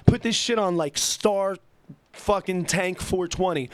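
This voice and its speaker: A young man telling a rambling, excitable story into a computer mic, swearing constantly. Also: high-pitched, normal speed, no echo. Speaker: vlogger. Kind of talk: casual rambling monologue. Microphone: computer mic at a keyboard.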